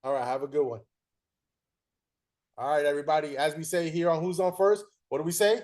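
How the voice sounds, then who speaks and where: A man's voice: a little high, fairly even intonation, fairly quick, a little mellow. A man hosting a show, animatedly telling a story and thanking his guest. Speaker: show host. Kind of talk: casual interview, storytelling.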